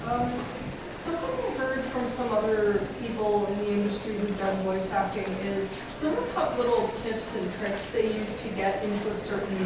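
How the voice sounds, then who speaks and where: A woman in the audience asking a panel a question, hesitant and searching for words. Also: medium pitch. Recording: very echoey hall, far from the mic, noisy.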